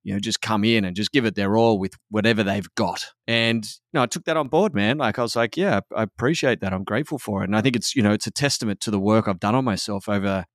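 A man's voice: fairly low pitch, fast talker, hardly any pauses, dry recording, studio quality. An Australian man talking candidly and casually on a podcast, swearing freely and calling his co-host "man" and "mate".

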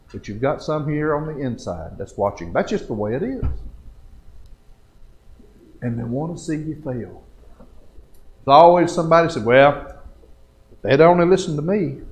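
A lay preacher delivers a live sermon in a church sanctuary, his voice a little high and sing-song, unhurried, with long pauses. Folksy and exhorting, he uses colloquial country phrasing and builds with rhetorical questions. The audio quality is poor.

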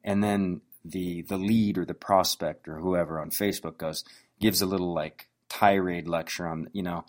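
A man's voice: low voice, normal speed. A man telling stories as he coaches on sales, speaking casually with frequent restarts. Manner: conversational, anecdotal, with frequent restarts. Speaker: business owner coaching on sales. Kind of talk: motivational business talk.

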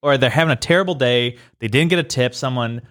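A young man with a medium-pitched voice tells a story in casual podcast chat. He is animated and exasperated, and laughs easily between sentences. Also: fast talker. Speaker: podcast co-host.

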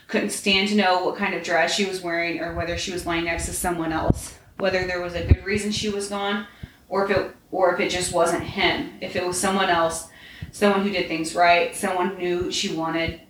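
A woman's voice: on the low side, moderate pace, background noise. Woman reading a story aloud, echoey. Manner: steady storytelling with slips and restarts. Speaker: podcast reader. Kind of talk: reading fan fiction aloud. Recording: roomy room echo.

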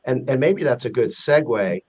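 A man's voice: medium pitch, expressive, normal speed, a little mellow, slightly rough, lo-fi sound. A man in a casual interview, earnestly explaining a ratings database with many restarts. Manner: earnest, explanatory, with frequent restarts and acted-out example quotes. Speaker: guest explaining a corporate risk rating database.

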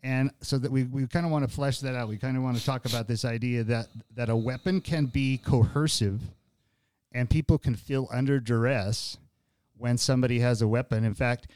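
A man's voice: medium pitch, steady tone, normal speed, a little mellow, clear, resonant tone, no echo. A man hosting a podcast, talking in a thoughtful conversational way and often restarting his phrases. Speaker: podcast host. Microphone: studio podcast mic.

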